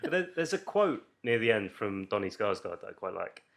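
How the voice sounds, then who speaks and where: A man's voice: fairly low pitch, big pitch swings, a little fast. A man co-hosting a movie review podcast, joking in casual chat. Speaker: podcast co-host.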